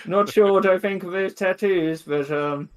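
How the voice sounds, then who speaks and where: A man playing a tabletop game, chatting casually and joking, hesitant with uhs. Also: high voice. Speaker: player.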